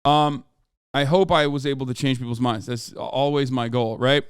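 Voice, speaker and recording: A man's voice: medium pitch, steady tone, normal speed, smooth, no room sound, clean studio sound. A young man, a streamer, chatting casually on a live stream in a rambling, self-correcting way.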